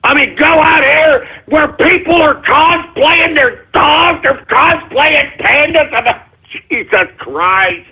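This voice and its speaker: A male radio show host with a hoarse voice, ranting in exasperation with shouted outbursts, curses and apologies. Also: extremely high pitch, takes it slowly. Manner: curses, then apologizes for cursing. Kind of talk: ranting call-in radio monologue. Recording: tinny phone-like lo-fi audio.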